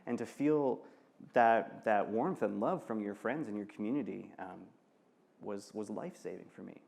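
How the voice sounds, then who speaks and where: Man in his thirties, from Michigan, gravelly low voice, earnest and halting, quick to laugh, candid onstage talk. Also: darkish tone. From Michigan, United States. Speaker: author and guest. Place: festival stage.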